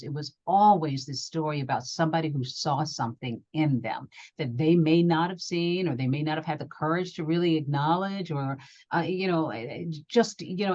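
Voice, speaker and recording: A middle-aged woman from Georgia, a journalist talking as an interview guest, telling stories in an animated way and acting out what people said. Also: sits low, muffled recording. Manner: animated storyteller, acts out quotes. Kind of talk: interview conversation.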